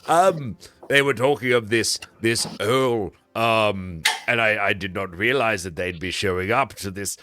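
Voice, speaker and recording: A man's voice: fairly low pitch, bright, forceful tone, clear, resonant tone, no room sound. A man voicing a jovial, chatty merchant who rambles and stumbles over his words. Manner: eager, rambling, halting.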